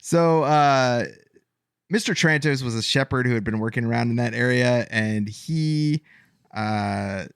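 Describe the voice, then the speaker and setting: A man's voice: medium pitch, measured pace, gravelly, fairly bright tone, clean tone, no room sound, clean studio sound. A man hosting a casual podcast, talking through a case with many fillers and stumbles. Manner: rambling, stumbles over names, many fillers. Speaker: podcast host presenting the case. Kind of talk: casual chat.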